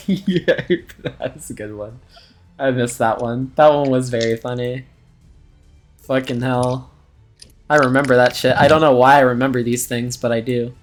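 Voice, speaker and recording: A man's voice: mid-range voice, fairly even intonation, unhurried, faint music behind. A man acting as game master in casual chat before a session, laughing often and swearing freely.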